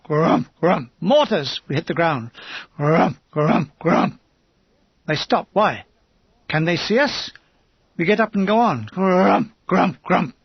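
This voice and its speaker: Male audiobook reader, measured memoir tone, husky voice, dry and slightly dull recording. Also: fairly high pitch, no echo. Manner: measured, understated first-person reading.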